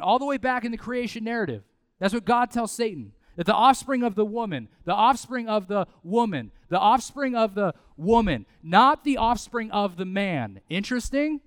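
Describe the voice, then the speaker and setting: Guy preaching, high smooth voice, chatty and lively, dry close sound. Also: moderate pace, no echo. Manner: conversational, animated preaching with asides and repetition. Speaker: pastor. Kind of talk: sermon.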